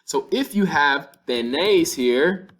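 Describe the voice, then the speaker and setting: A man teaching a Spanish lesson, explaining step by step and slowing down to sound out example words. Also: fairly high pitch, animated, a bit bright. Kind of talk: classroom-style language lesson.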